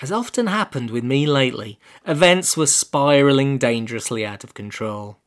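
A man narrating a comic story in a dry, quiet, deadpan manner. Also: medium pitch, normal speed.

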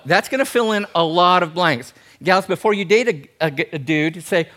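Male pastor, higher register, lively jokey sermon delivery. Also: fairly quick. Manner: animated, jokey, talks straight to the congregation.

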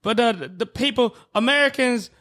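A man's voice: very high-pitched, normal speed, sharp tone, pitched above the performer's own voice. A man doing an impression of a famous basketball analyst, rambling earnestly about needing more love and mixing up his words.

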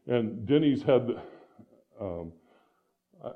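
A man's voice: medium pitch, lively intonation, extremely slow. Pastor guy from iowa giving a chatty sermon, stumbles and restarts a lot, kinda muffled recording. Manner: conversational, many restarts and tag questions.

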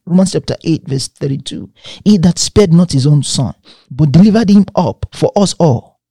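A man's voice: a little high, husky, no echo, studio quality. A man preaching a sermon, quoting scripture and repeating phrases for emphasis.

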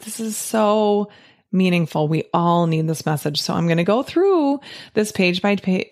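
A woman's voice: lowish voice, gravelly, darkish tone. A middle-aged woman life coach reading a picture book aloud and reflecting on it, enthusiastic and emphatic, often checking in with "right?". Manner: enthusiastic and emphatic, tag questions.

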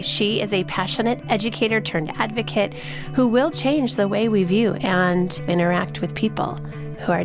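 An earnest woman hosting a podcast, leaning on rhetorical questions as she opens the show and guides the chat. Her voice sits at an ordinary middle pitch for a woman. Music runs clearly underneath her talk. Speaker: podcast host. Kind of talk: podcast interview, scripted intro.

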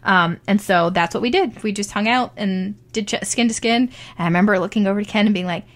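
A woman's voice: medium pitch, quick pace, hardly any pauses. A young woman casually telling her birth story, chatty, with many ums and likes, acting out what people said. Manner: chatty, frequent ums and likes, acts out quoted voices.

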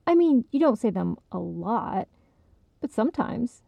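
Lady doing a patient teasing friend, slow careful talk, gravelly, dry dull sound. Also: fairly high pitch, big pitch swings, no room sound, voice pushed up, exaggerated voice. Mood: correcting. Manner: gently correcting, amused.

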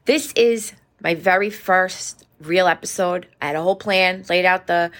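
A woman's voice: fairly low pitch, normal speed, fairly bright tone. A middle-aged woman hosting her podcast, ranting casually with profanity and sarcasm. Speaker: podcast host.

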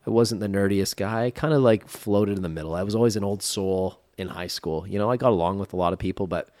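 A man's voice: fairly low pitch, fast talker, darkish tone, no room sound, studio quality. A man in his forties co-hosting a podcast, talking casually and leaning on "like" a lot. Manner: conversational, uses lots of "like". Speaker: podcast co-host. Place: podcast studio.

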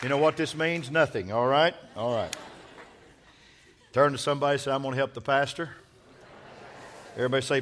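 A male pastor preaching a sermon in church, leading the congregation in call-and-response and building to loud, emphatic peaks. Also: mid-range voice, a little fast, pauses often, some chatter behind, slight background noise. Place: church sanctuary.

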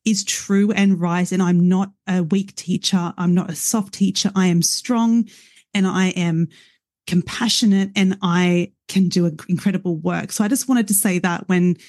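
A woman's voice: fairly low pitch, steady tone, unhurried, darkish tone, dry recording, clean studio sound. A woman hosting a podcast, talking in a passionate, affirming way. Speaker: podcast host. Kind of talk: casual interview conversation.

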